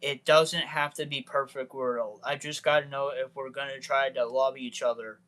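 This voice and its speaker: A man's voice: mid-range voice, fairly even intonation, normal speed, a bit bright, lightly acted. A man reading aloud as an anxious young woman in love from a comic book, plain and earnest. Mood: pleading.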